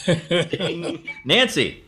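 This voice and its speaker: A man's voice: fairly high pitch, big pitch swings, sharp tone, soft background music. A man hosting an improv comedy game, calling on players and chuckling at their jokes. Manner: brisk, calls on players and chuckles often. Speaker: improv referee and emcee. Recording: noisy with clicks.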